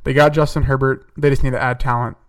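This young podcast host talks quickly at a medium pitch, with little movement in his voice, and sounds far from the mic. He chats casually through his mock-draft picks on his own, thinking aloud with fillers and self-corrections.

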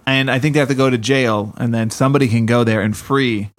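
A man's voice: medium pitch, fairly even intonation, fast. A man telling childhood stories in casual chat, often laughing as he talks. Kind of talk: casual storytelling.

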